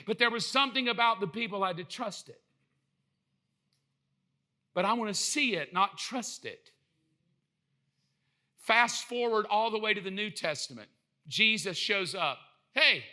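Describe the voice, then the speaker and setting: A pastor with a drawl tells a joking, animated sermon story. His voice sits high for a man and rings very bright and sharp. He keeps slipping into other people's voices to act out the scene. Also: measured pace, long pauses.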